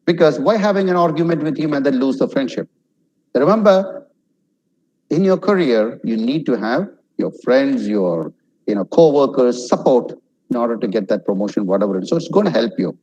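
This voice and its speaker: A man's voice: medium pitch, expressive, normal speed, warm tone, lo-fi sound. A middle-aged man from India giving a webinar talk on social skills, speaking conversationally with many fillers and acting out little example lines.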